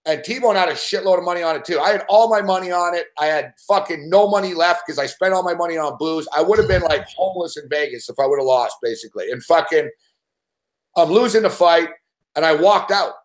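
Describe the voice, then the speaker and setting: Profane, excitable man with a higher voice. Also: fairly quick. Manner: swears constantly, rambling and excitable. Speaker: sports betting show host. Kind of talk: profane casual storytelling.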